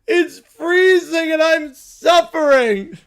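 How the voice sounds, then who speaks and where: A spoiled cartoon little boy whines and sobs over every small thing, as an actor puts him on. His high voice drags out each complaint at a slow pace. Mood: whiny. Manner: whining, crying, complaining.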